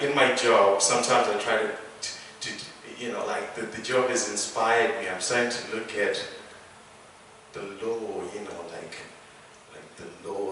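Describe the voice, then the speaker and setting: A young man from England doing a stand-up comedy routine, animated, with loud punchlines and laughing at his own jokes. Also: lowish voice, a little hiss or hum. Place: small theatre stage. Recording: echoey theatre, mic from a distance.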